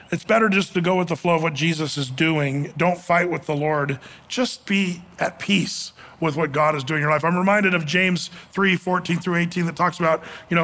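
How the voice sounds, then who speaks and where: Man preaching, high voice, animated, emphatic, chuckles often. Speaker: preacher teaching a Bible study. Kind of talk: sermon.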